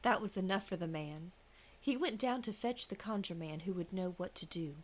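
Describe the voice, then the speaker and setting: On a podcast, a woman co-host with a fairly low voice tells a folk ghost story in a hushed whisper, then shifts into casual chat. She speaks at a normal speed.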